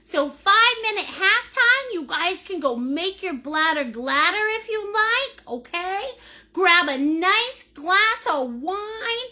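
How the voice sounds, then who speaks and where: A middle-aged woman runs a live painting lesson, with a voice that swoops widely and sits high. She is playful and silly, greets viewers by name and laughs often, and she talks at a relaxed, slow pace. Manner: laughs often while talking. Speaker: painting instructor.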